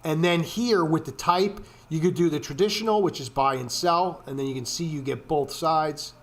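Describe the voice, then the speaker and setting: A man's voice: a little high, normal speed. Profane, ranting man walking through charts. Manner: profane, ranting, frequent swearing and fillers. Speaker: trading video host. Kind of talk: casual screen-share walkthrough.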